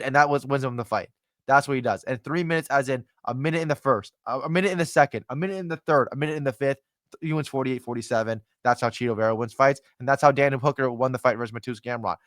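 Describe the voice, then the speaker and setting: Male host, mid-pitched, casual fight-prediction monologue, rambling and animated, dry close sound. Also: no echo. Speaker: MMA analyst host.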